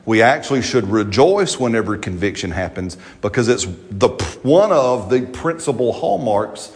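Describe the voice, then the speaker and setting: Standing before his congregation, a pastor delivers a sermon like a chatty storyteller, frequently asking "right?" and laughing as he shares humorous stories. His mid-range voice is animated and moves at a normal speed.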